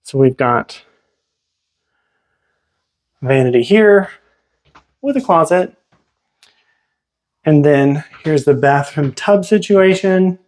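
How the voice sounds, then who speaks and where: A man with a slightly higher-than-average voice leads a casual tour through a house. He chats and exclaims over the features as he walks room to room, recorded on a handheld camera. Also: animated, takes it slowly, long pauses, a little mellow. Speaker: realtor giving a home tour. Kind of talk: casual walk-through narration. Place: inside a house, walking room to room.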